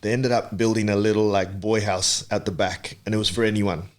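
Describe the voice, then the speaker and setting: A man's voice: on the low side, steady tone, fairly quick. Reflective man from Papua New Guinea. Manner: reflective, storytelling with many ums and restarts. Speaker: podcast guest. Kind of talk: casual interview chat.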